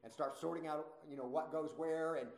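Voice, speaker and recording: A man's voice: fairly high pitch, fairly even intonation, brisk, gravelly, a little mellow, reverberant. A man putting on a scoffing male skeptic. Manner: scoffing, sarcastic questions. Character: sneering adult male skeptic mocking resurrection.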